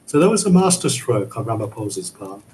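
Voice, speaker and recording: A male academic guest analysing events in a news interview, speaking in a measured, emphatic, explanatory way. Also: fairly low pitch, big pitch swings, darkish tone, a little hiss or hum, rough recording.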